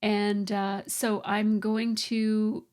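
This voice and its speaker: A woman's voice: mid-range voice, level tone, very slow, a little mellow. A middle-aged woman narrating her scrapbooking process in a casual voice-over, chatty and thinking aloud with frequent restarts. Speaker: scrapbooking channel host. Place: home craft room.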